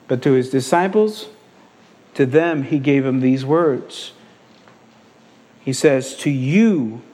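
Male preacher with a high voice, emphatic sermon delivery, repeats lines for stress. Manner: emphatic, repeating key phrases. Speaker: pastor.

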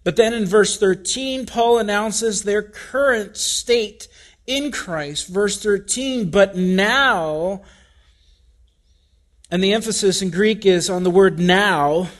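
A man preaching a sermon from the pulpit, deliberate and emphatic, repeating key phrases for weight. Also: sits high, a bit bright. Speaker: pastor.

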